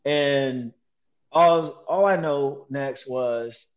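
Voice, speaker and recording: A man telling a story as a guest in an interview, animated and slangy, mimicking sounds as he relives events. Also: mid-range voice, very slow, dull audio. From United States. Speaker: guest, military veteran.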